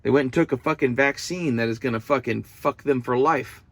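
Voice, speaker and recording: Young guy rambling and swearing a lot, dry close sound, pitch about average. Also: brisk, dry recording. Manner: profane, meandering, emotional. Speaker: vlogger. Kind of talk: casual rambling monologue.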